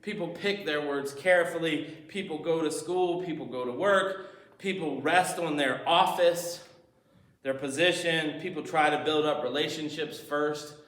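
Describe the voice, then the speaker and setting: A man's voice: a little high, measured pace, fairly bright tone. Man preaching in an echoey church. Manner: storytelling, acting out movie scenes. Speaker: pastor. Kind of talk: sermon. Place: church sanctuary.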